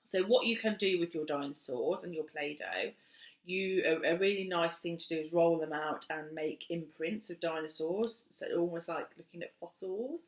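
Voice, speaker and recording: Speaking at a moderate pace in a lowish voice, an early years teacher chats to parents about play and speech, filling gaps with "um" and going sing-song for the children. The recording has room echo.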